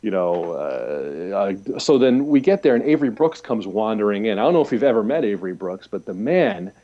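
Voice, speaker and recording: Lively, rambling male storyteller. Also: fairly low pitch, brisk, lo-fi sound. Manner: rambling anecdotal storytelling with many fillers; laughs often and mimics the people in his stories. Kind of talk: casual chat.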